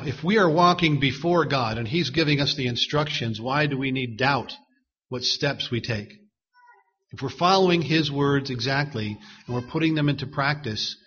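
Husky preacher man, muffled recording. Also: mid-range voice, a bit bright. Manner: earnest, reads commentary quotes slowly. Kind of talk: sermon.

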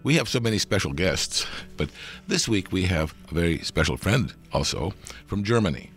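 An older man hosting an interview, his voice slightly hoarse and gravelly from a cold, speaking in a measured, welcoming way. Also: low voice, sing-song, faint music behind. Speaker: host, church president.

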